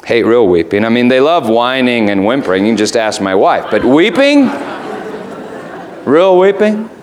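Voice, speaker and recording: A male preacher speaks in a relaxed, conversational tone, then climbs to emphatic, raised peaks to drive a point home. His voice sits in an ordinary middle register. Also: medium pitch, fairly quick, some chatter behind, slight background noise. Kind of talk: sermon.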